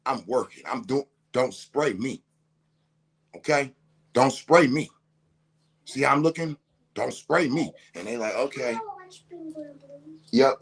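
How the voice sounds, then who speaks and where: Man, casual storyteller, animated, cusses a lot, mid-range voice. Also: medium pitch, slightly rough. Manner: animated, laughing through his words, swearing freely. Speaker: father telling a story.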